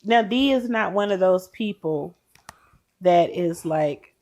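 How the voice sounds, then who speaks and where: A woman's voice: lowish voice, slow, darkish tone. A woman co-hosting a podcast, telling an earnest, emotional story about a friend in casual chat. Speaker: podcast co-host.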